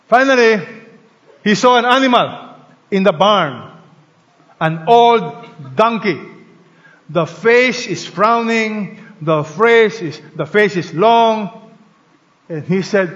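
A man's voice: sits high, animated, slow pace, fairly bright tone. A man preaching a sermon as pastor, leading a prayer and prompting the congregation to answer and read along. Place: large church hall. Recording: long hall reverb, slightly dull sound.

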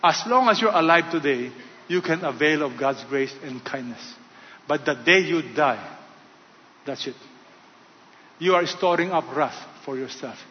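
Pastor preaching in a reverberant hall. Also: male voice, a little high, expressive, measured pace, long pauses. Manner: preaching in short phrases, shifting between loud and soft. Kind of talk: sermon. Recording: dull sound with long hall reverb.

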